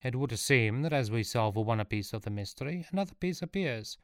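A man's voice: mid-range voice, expressive, a little fast, no room sound, clean studio sound, lightly acted. A man voicing an earnest, learned inventor in a storybook reading, speaking in an explanatory way. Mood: explaining.

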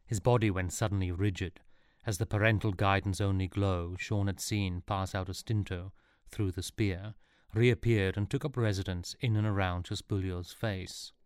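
A man's voice: deep voice, steady tone, normal speed, a little mellow, smooth, no room sound. A man narrating a comic fantasy story in a dry, wry manner. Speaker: audiobook narrator.

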